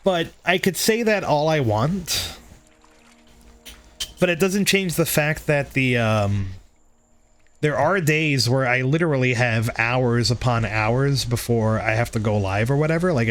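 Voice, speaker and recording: A livestream host with a mid-range voice chats candidly with viewers at a measured pace. He swears freely and is hard on himself.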